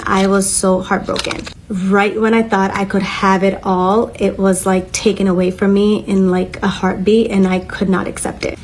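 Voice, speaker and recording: A woman's voice: medium pitch, slight background noise, low-quality recording. A young woman speaks straight to her viewers in a candid, casual storytime while getting ready. Her voice sits in an ordinary middle register, and the telling is emotional and heated. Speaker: vlogger.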